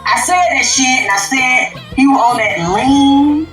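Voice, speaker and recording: A woman hosting an unscripted livestream rant, profane and emphatic, dropping to low mutters and jumping up to loud outbursts. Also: a little slow, echoey room, faint music behind, poor audio. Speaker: livestream host.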